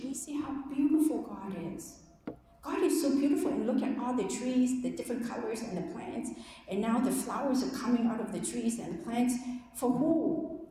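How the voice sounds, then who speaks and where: A woman who is an Orthodox nun shares a heartfelt, meandering spiritual talk, padding her thoughts with "you know" and "like". Her voice sits a little high yet sounds warm and soft. The recording is swamped by heavy echo and a long hall reverb, with a faint hiss underneath. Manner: earnest, rambling, with many "you know, like" fillers. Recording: very echoey room with long reverb and faint noise.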